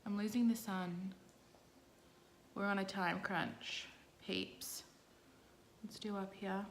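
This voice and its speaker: Slow and steady in tone, a medium-pitched woman talks viewers through her makeup. She's a young Australian beauty vlogger keeping things casual and playful with chatty asides, recorded with a roomy echo and faint background noise.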